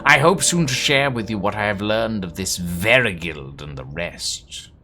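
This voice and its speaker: A man reading a soft-spoken courteous scholar. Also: lowish voice, lively intonation, over music. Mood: apologetic. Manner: measured and polite. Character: formal, courteous scholarly advisor.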